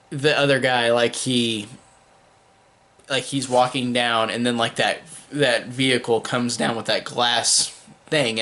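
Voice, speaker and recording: A man's voice: medium pitch, bright, forceful tone. Casual male reviewer, loose and unscripted, filler-heavy, eager and gushing. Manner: rambling, heavy use of "like" and "um"; enthusiastic, gushing praise. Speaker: horror movie reviewer.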